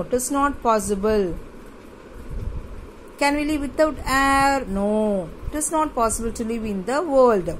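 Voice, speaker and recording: A woman teaching young children from a workbook, going slowly, repeating words and spelling them out letter by letter. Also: a little high, darkish tone, slight background noise, poor audio. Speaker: primary school teacher. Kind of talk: classroom lesson, explaining a workbook page.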